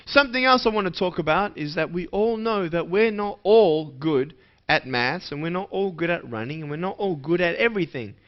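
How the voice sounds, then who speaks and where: A man's voice: a little high, expressive, normal speed. A man giving a motivational speech to schoolchildren in a playful way, asking the audience questions. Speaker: motivational speaker. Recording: dull lo-fi recording.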